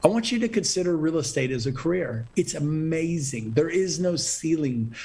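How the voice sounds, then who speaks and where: A man's voice: a little high, lively intonation, normal speed, warm tone, slight background noise. A middle-aged man speaking as a podcast guest, talking with urgent, motivational energy. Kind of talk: animated interview talk.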